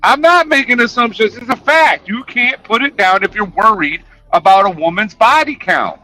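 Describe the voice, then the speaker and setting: A man's voice: sits high, lively intonation, moderate pace, bright, forceful tone, faint music behind, rough recording. A man ranting to his chat on a livestream, profane, confrontational and sarcastic. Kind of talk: casual livestream rant.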